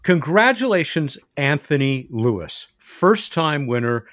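Man, radio host, animated pitch, dry close sound, bantering. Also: unhurried, no echo. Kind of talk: radio hosting.

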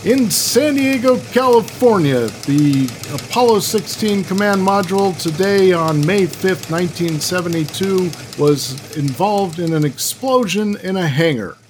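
A man's voice: high voice, animated, a little slow, hardly any pauses, a little hiss or hum, pitched above the performer's own voice. A man putting on a mid-Atlantic accent to play a dramatic 1940s radio news announcer. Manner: punchy, emphatic announcer delivery.

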